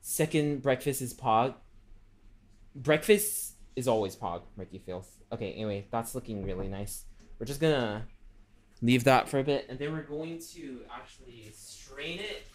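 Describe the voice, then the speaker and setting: A man's voice: medium pitch, normal speed. Chatty man streaming while cooking. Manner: refers to himself in the third person; chatty, rambling with many fillers. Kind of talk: casual cooking livestream chat.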